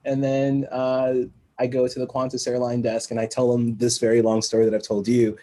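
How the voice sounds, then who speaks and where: A man guesting on a podcast, telling a long story in a casual, animated way and acting out the other people in it. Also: medium pitch, a little fast, poor audio. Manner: animated storyteller who acts out quoted voices and laughs between lines.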